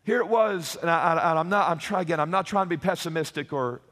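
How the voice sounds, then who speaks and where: A man preaching a sermon in an emphatic way, repeating words, rising to shouts on key points and asking his listeners "Hello?". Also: fairly high pitch, fast, long reverb tail.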